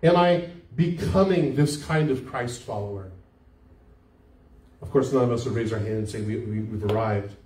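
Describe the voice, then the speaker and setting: An older pastor preaches in a medium-pitched, slightly mellow voice at a moderate pace, keeping the sermon conversational and putting questions to the congregation. The recording comes from a church sanctuary, echoey and captured by a mic far off.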